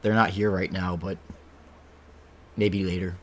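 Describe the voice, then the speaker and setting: Low-voiced male streamer chatting casually. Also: a little slow, slight background noise. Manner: relaxed, chatty, talks while eating, muses aloud. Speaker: game streamer. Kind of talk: casual stream chat while playing.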